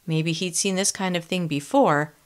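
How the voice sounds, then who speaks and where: A woman narrating a first-person audiobook in an expressive, tense storytelling manner. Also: fairly low pitch, normal speed, clear, resonant tone.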